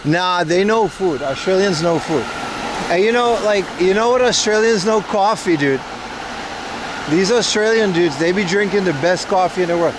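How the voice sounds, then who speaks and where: Joking streamer man, slightly high voice. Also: moderate pace, noisy background. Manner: joking, loose, talks back to chat. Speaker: livestream host. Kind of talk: rambling casual chat to viewers. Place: outdoors on city streets.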